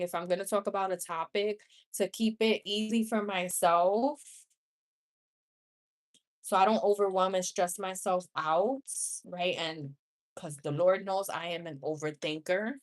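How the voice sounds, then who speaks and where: Woman, 30s, New York accent, unhurried chatty live-streamer who laughs a lot between tangents. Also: on the low side. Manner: chatty, laughs often, rambling asides. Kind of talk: casual live-stream chat with viewers. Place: home room.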